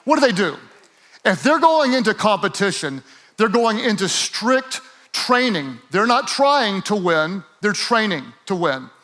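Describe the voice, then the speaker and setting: A man preaching a sermon to a live audience. He is energetic and playful, acts out quoted voices, and builds up to shouts. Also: sits high, a little slow. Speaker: pastor.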